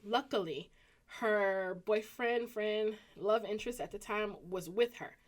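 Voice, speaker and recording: A woman in her thirties with a Southern US accent, telling a personal story casually to her viewers and acting out the people in it. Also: measured pace. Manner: animated, acts out quoted voices with pitch jumps. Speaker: vlogger.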